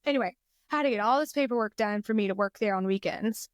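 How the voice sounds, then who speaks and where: A woman's voice: mid-range voice, no room sound, clean studio sound. A middle-aged woman from Georgia with a Southern accent, telling stories as a guest in a casual chat. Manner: chatty storyteller, drawn-out pauses.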